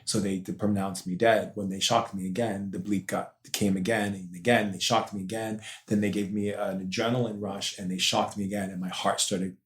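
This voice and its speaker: A man's voice: fairly low pitch, little pitch movement, a little fast, hardly any pauses. A man being interviewed on a podcast as a spiritual teacher, telling a personal story in an intense, emotional way. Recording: roomy echo.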